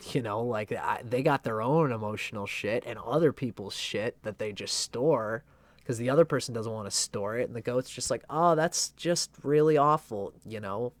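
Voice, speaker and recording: Loose, casual male astrology teacher. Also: fairly low pitch. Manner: loose and conversational, with a playful, irreverent edge. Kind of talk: casual explanatory talk.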